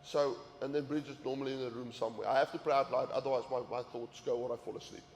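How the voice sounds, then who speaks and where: A man's voice: medium pitch, steady tone, fast, a little hiss or hum. A man giving an earnest sermon-style talk to men, often repeating words as he pushes a point. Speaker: men's ministry teacher. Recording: echoey hall with faint ambience.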